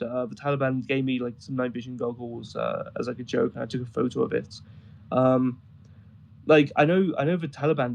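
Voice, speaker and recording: A man's voice: mid-range voice, rough recording. A man talking casually as a guest, telling rambling, amused stories with many fillers. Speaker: guest describing travels in Afghanistan. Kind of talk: casual conversation on a voice chat.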